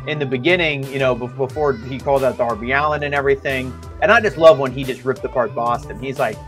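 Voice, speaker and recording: Male wrestling reviewer, profane and chatty, mid pitch, faint music bed. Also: steady tone, quick pace, a bit bright. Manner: profane, mimics wrestlers' lines in quotes. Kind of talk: casual chat.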